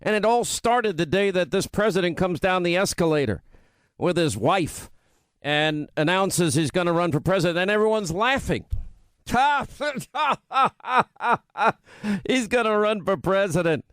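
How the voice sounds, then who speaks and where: A male talk radio host with a notably high voice, recorded dry and close. He delivers an opinionated monologue, mocking buzzwords by repeating them and firing off lists one after another. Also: clear, resonant tone, no echo. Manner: mocking repetition of buzzwords, rapid-fire lists.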